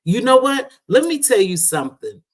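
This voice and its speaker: A woman's voice: fairly high pitch, big pitch swings, moderate pace. Brief: middle-aged woman, live stream host, loose chatty talk, calls folks baby and sweetheart. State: unwell after medication. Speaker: livestream host. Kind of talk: casual live chat.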